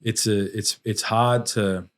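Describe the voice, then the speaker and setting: Earnest man, slightly low voice. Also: steady tone. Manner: earnest, reflective, with halting restarts. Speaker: podcast guest. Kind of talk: candid storytelling in conversation.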